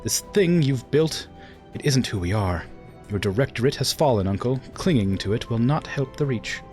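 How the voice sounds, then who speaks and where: A man's voice: mid-range voice, expressive, normal speed, a little mellow, soft background music, pitched above the performer's own voice, natural voice. A man reading a resolute young woman ruler from a game in an English accent, firm and commanding. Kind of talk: reading game dialogue aloud.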